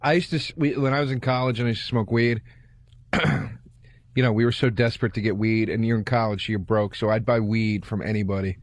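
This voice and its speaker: A man's voice: fairly low pitch, steady tone, fast, no room sound. A man co-hosting a comedy podcast in casual chat, telling loose anecdotes with easy laughter.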